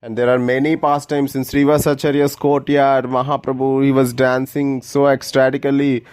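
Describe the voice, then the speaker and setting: A man's voice: mid-range voice, level tone, moderate pace, darkish tone, clear, resonant tone. A man earnestly retelling a sacred story in a reverent, storytelling manner, with loose grammar. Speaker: devotional speaker. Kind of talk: devotional story telling.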